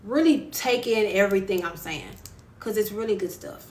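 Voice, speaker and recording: A woman's voice: medium pitch, normal speed, a bit bright, slight background noise. A woman author hosting a casual live stream, chatting encouragingly with viewers and greeting them by name. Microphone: phone. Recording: echoey room with faint ambience.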